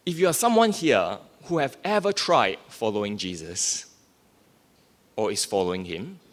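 A man's voice: on the low side, expressive, moderate pace. A man preaching a sermon, explaining scripture by asking questions and answering them himself. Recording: long reverb of a hall.

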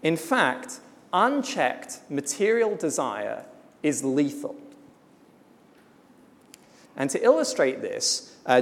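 Preacher giving a blunt, emphatic sermon with a lively, swinging delivery, heard in a reverberant hall. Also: medium pitch. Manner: emphatic and blunt, with slow weighty pauses.

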